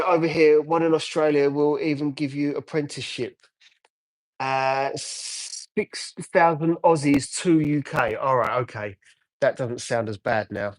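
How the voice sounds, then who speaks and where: A man's voice: fairly high pitch, dry recording. Chatty man detailing a car. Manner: chatty, answers viewer comments while cleaning. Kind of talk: casual live chat while working. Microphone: phone.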